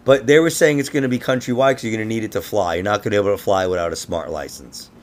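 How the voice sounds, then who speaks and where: A man's voice: lowish voice, racing. A man hosting a casual conspiracy podcast, rambling and laughing, with frequent swearing. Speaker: podcast host.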